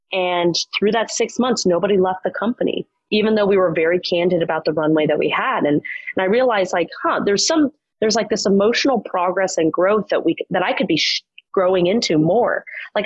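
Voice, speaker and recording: A woman's voice: lowish voice, fairly quick, husky, no echo. A woman in her thirties, a startup founder telling her story candidly, with lots of "like" and restarts. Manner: chatty, frequent "like" fillers and restarts. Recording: muffled lo-fi audio.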